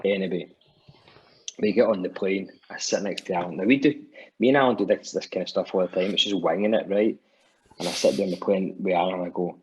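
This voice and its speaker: Husky low-voiced Scottish man telling a story. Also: moderate pace, dull audio. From Scotland. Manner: animated storyteller acting out quotes, many restarts. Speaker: musician guest. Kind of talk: anecdotal podcast storytelling.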